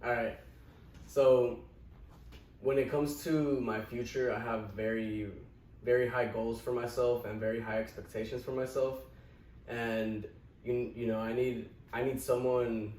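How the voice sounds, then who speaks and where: Man, podcast guest, casual animated storyteller, mid pitch, roomy distant mic with a faint hiss. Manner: animated anecdote, often laughing mid-story.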